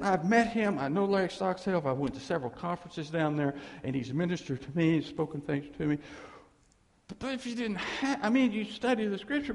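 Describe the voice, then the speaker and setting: With a slightly high voice and vocal fry, a middle-aged pastor tells rambling, folksy stories with laughing asides as he preaches. The storytelling sermon takes place in a church sanctuary, carrying a long hall reverb.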